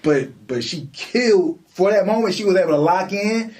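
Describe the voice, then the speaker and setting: A man's voice: sits high, animated, normal speed, recorded from a distance, noisy background. Laid-back man, slightly off mic. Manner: rambling, laid-back, storytelling. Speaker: podcast co-host. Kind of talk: casual podcast chat.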